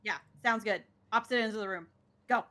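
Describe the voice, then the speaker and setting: A woman's voice: mid-range voice, fairly quick, bright, forceful tone. A woman playing a tabletop game, casual, giggly and a bit nervous. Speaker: player.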